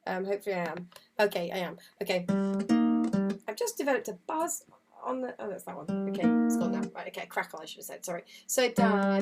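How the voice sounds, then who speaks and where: A woman teaching a harp lesson on a video call, chatty and encouraging, singing counts and rhythms as she explains. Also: mid-range voice. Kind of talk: live online music lesson. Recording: loud harp music under voice. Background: harp playing.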